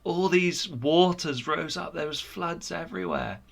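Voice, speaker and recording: A man retelling a story for children at church, animated and expressive. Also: a little high, a little slow, gravelly.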